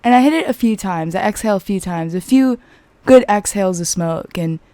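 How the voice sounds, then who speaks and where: A young woman rambles through a personal story in a chatty, animated way, leaning on "like" at every turn. Her voice sits at an ordinary middle pitch. The sound is dry and close, with no room echo. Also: brisk. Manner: chatty, filler-heavy, animated retelling. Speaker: vlogger. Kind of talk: casual storytelling.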